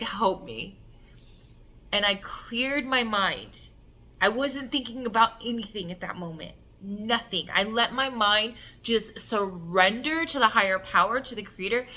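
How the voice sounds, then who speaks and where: A woman telling an emotional personal story in an animated way, acting out the voices and filling her talk with "like". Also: mid-range voice. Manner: animated, acts out voices and cries, many "like" fillers. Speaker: self-love coach telling a personal story.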